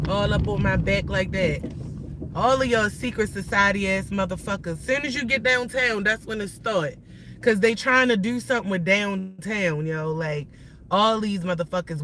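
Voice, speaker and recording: Bright-voiced woman ranting profanely while driving. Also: mid-range voice, slight background noise, rough recording. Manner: profane, heated, rambling rant. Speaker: livestreamer. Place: inside a car while driving.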